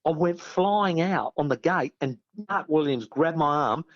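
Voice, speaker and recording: Animated Australian man telling yarns. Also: a little high, a little slow, highs cut off. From South Australia. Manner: animated, laughing storyteller. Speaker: guest, former sportsman. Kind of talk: casual anecdote telling.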